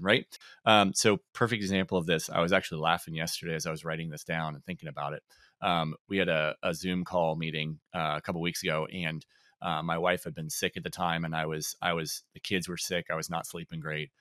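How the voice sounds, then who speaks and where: A man co-hosting a podcast in casual chat, relaxed and reflective, with frequent ums and laughs. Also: sits low, brisk, dry recording, studio quality. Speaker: podcast co-host.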